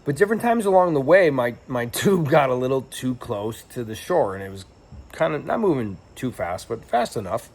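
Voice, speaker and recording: A man's voice: medium pitch, big pitch swings, moderate pace, vocal fry, darkish tone. A young man telling a travel story in a casual, rambling and reflective way, with lots of fillers and restarts. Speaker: travel vlogger.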